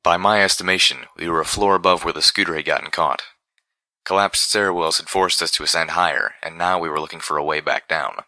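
A man narrating first-person fiction in a measured, dramatic storytelling manner. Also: deep voice, steady tone, sharp tone, dry recording. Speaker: audiobook narrator.

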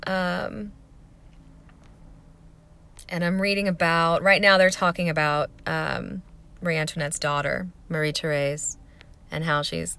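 A woman's voice: low-pitched, steady tone, unhurried, vocal fry, long pauses, fairly bright tone, clean tone. A woman with a slight Southern US accent, chatting casually in a vlog, rambling with fillers. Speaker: vlogger. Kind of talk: casual accent-tag vlog, reading aloud.

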